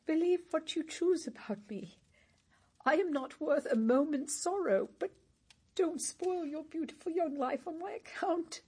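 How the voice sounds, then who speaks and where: A woman's voice: high-pitched, a little slow, warm tone. An actress playing a worldly woman with a shameful past, pleading urgently and with passion in a stage drama. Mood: impassioned.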